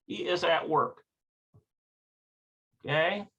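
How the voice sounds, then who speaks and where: Slow, gravelly man teaching a lesson. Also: on the high side, a bit bright. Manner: hesitant, thinking aloud, checking pronunciations. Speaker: Hebrew teacher. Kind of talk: slow online language lesson.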